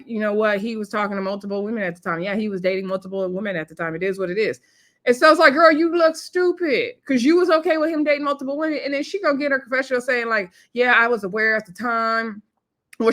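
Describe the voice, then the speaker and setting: A woman's voice: mid-range voice, a bit bright. A young woman chats casually through a reality show recap. She retells the scenes by quoting each cast member and tosses in sassy asides to her viewers.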